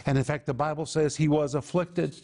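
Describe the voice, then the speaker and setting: Emphatic male preacher, higher voice. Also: fairly even intonation, fairly quick, a little mellow. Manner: emphatic, repeating words for stress. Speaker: pastor. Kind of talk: sermon.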